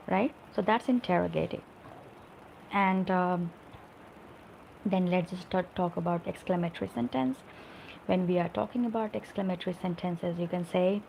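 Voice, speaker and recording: Gravelly-voiced woman teaching spoken English. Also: on the low side, moderate pace, darkish tone, slight background noise, rough recording. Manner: explains with examples and frequent tag "right?". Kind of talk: live online English lesson.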